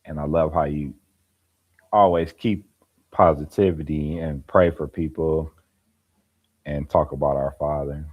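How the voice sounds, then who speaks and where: A man's voice: very deep voice, fairly even intonation, measured pace, long pauses, narrow, tinny audio. A laid-back man chatting casually on a live stream, telling stories and laughing as he goes. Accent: African American Vernacular English. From American Midwest or East Coast. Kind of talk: casual chat.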